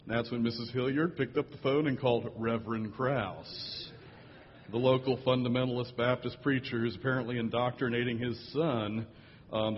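Man, pastor, sermon storytelling, dry humor, long hall echo, dull lo-fi audio. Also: medium pitch.

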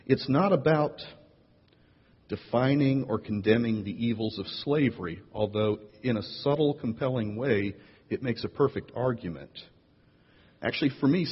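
Playful pastor in an echoey hall. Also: male voice, husky, muffled recording. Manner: playful, animated storyteller with big jumps in pitch. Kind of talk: sermon. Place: church sanctuary.

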